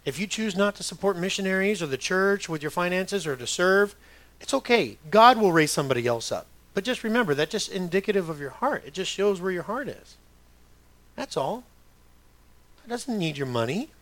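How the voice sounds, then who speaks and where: Middle-aged pastor guy preaching, fairly high voice, dry close sound, chatty and asks the crowd stuff. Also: lively intonation, normal speed, fairly bright tone, dry recording. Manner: conversational preaching with rhetorical questions and acted-out quotes. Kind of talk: sermon.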